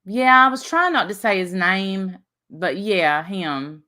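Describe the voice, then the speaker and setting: A woman's voice: medium pitch, animated, takes it slowly, pushed and bright. A woman hosting a casual livestream, chatting, reading out viewer names and laughing at herself. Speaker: livestream host.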